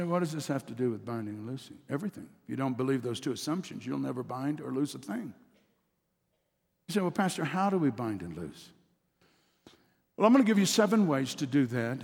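In a church sanctuary, a pastor preaches a sermon in a mid-range, darkish voice with some vocal fry. His delivery rises and grows emphatic as he leads the congregation in call-and-response. The hall's long reverb fills the recording.

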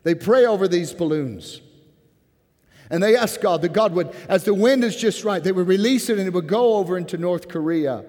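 A man preaching a sermon as pastor, earnest and impassioned, dropping to a hushed tone when he prays. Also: sits high, moderate pace. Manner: earnest, rising to impassioned then softening to a hushed prayer. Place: church sanctuary. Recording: church hall with long reverb.

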